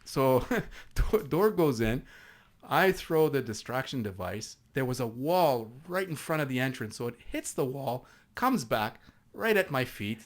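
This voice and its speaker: A former SWAT officer from Canada, appearing as a guest, tells an anecdote in conversation, restarting often and using many fillers. His medium-pitched voice is sing-song and measured in pace.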